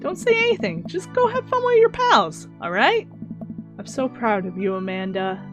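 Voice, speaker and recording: A woman voicing a goofy, doting middle-aged single dad, reading his lines with teasing, proud warmth. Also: very high-pitched, huge pitch swings, moderate pace, music in the background, voice pushed up, full character voice. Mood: affectionate. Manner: warm dad-joke delivery, proud and teasing.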